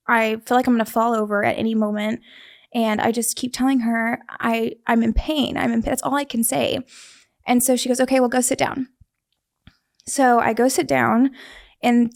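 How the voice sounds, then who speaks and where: A young woman tells her story in an easy, conversational way, earnest and vivid, often restarting her sentences. Her voice sits a little high and carries a gravelly fry. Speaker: guest sharing a survival story.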